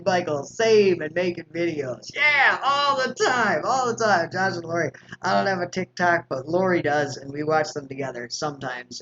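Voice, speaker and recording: A man's voice: high voice, sharp tone, lo-fi sound, slight background noise. A man hosting a recovery livestream, chatting casually as he reads viewer comments, joking around and swearing freely. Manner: loose and joking, with frequent swearing and slang.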